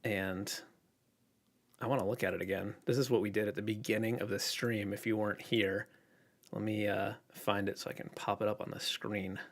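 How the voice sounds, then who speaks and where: A man is livestreaming as an illustrator, reading out viewer questions and answering them casually. He rambles in a relaxed way with plenty of fillers, his voice sitting on the low side at a normal speed.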